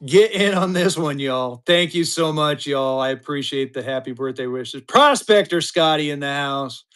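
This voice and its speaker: A man's voice: a little high, lively intonation, normal speed, fairly bright tone, smooth. A man in his fifties running a live-stream auction, with chatty, upbeat patter that hypes the bids. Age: 50s.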